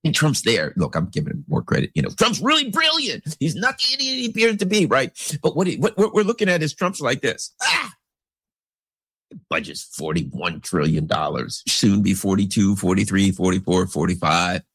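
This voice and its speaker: A husky-voiced man riffing through a casual commentary, his pitch leaping high and dropping low as he rambles. His voice sits low and close in a dry, dead space. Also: fairly quick, dry recording. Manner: rambling, animated, swoops into big pitch jumps; acts out characters in anecdotes.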